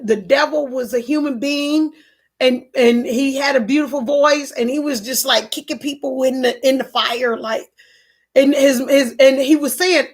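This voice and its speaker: A woman with a high voice talks to her live-stream viewers from home. She tells a personal story earnestly, repeating phrases and restarting sentences as she goes, and stops to answer comments from the chat. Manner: earnest, repetitive, restarts often.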